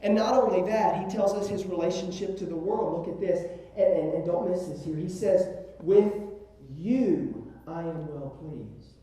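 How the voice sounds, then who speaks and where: Emphatic preacher in an echoey church. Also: male voice, sits high, fairly even intonation, brisk, few pauses, mellow. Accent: Southern US. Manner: emphatic, repeats words, addresses listeners with "listen" and "right?". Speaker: pastor. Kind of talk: sermon. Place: church sanctuary. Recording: very echoey room, voice from a distance.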